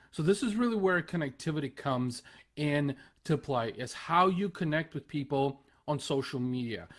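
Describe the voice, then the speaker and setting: A man in his thirties giving an earnest, emphatic solo talk as a marketing podcast host, often repeating key phrases for stress. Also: fairly high pitch. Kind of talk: solo Facebook live talk.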